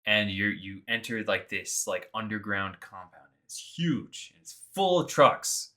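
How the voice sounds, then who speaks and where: A man co-hosting a podcast, recapping a video game in animated, sarcastic casual chat. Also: lowish voice, unhurried. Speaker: podcast co-host.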